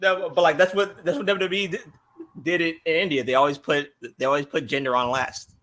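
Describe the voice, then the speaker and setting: Earnest man with a bright voice. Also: a little high, fairly even intonation, fairly quick. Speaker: watch party guest. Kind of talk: casual group chat about wrestling.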